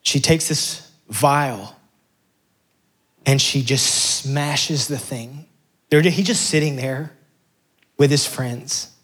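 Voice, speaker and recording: A man's voice: mid-range voice, takes it slowly, long pauses, fairly bright tone, slightly rough. A middle-aged man preaching a sermon as pastor, passionate and building to emphatic peaks.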